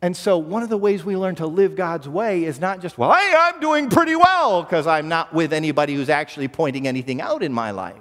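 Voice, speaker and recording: A man's voice: fairly high pitch, brisk, hardly any pauses, long reverb tail. A man preaching a sermon as pastor, earnest, often repeating a word as he restarts a phrase.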